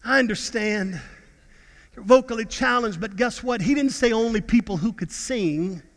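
A man's voice: high-pitched, moderate pace, big-room sound. A middle-aged man preaching a fervent sermon as pastor, repeating words and breaking into bits of song.

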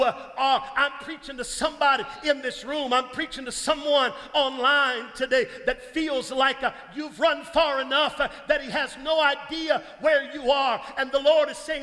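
A man preaching a sermon as pastor in a church, repeating phrases and building up to shouted, impassioned peaks. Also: very high-pitched, fairly even intonation, normal speed, hardly any pauses. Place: church sanctuary. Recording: long church-hall reverb.

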